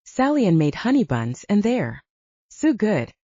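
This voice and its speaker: A bubbly, teasing young woman with a high, lively voice and a warm tone, as a woman reading an audiobook puts her on. The recording is dry and slightly dull. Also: unhurried, breathy edge, no room sound. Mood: playful.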